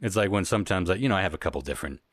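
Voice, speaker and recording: A man with a very low voice, hosting a casual podcast chat, reading listener letters and laughing often. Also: racing, no echo, clean studio sound. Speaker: podcast host.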